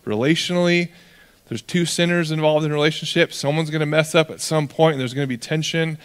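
A man's voice: on the high side, fairly quick, smooth. A man from California preaching a sermon as pastor, in a casual, joking storytelling manner.

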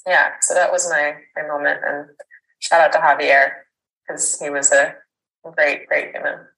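Low-voiced woman telling a candid story. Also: fairly even intonation, unhurried, vocal fry, a bit bright, low-quality recording. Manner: rambling, full of fillers and restarts, candid with swearing. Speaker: podcast guest. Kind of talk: personal storytelling in conversation.

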